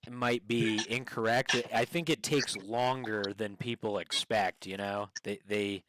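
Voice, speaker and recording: A man's voice: lowish voice, fairly even intonation, unhurried, background noise. A man streaming and chatting casually with strangers, rambling with many fillers and restarts. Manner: rambling, hesitant, lots of fillers. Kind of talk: casual livestream chat.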